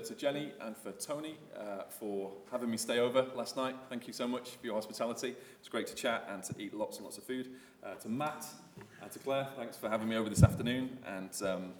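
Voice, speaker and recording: A man giving a sermon as a visiting preacher, casual and animated, with many fillers and restarts. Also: mid-range voice, reverberant, slight background noise.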